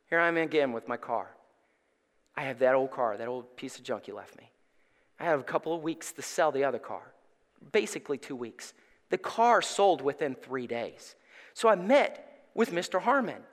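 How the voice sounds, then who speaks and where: A male pastor preaching a sermon in a church sanctuary on a stage microphone, telling stories with animated delivery that rises to near-shouts. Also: fairly high pitch, normal speed. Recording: long church hall reverb.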